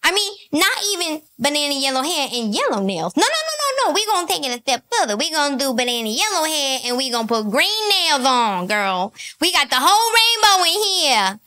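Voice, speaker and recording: A woman's voice: sits high, very animated, brisk, hardly any pauses, sharp tone. A woman giving sassy, mocking comedy commentary, laughing often at her own jokes.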